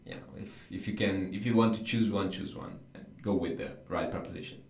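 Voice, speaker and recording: Man, native Italian speaker, low voice, patient explainer, casual lesson, echoey room. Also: fairly even intonation, a little fast, vocal fry, a little mellow. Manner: patient, explanatory, frequent "right?" and "you know". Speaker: Italian teacher.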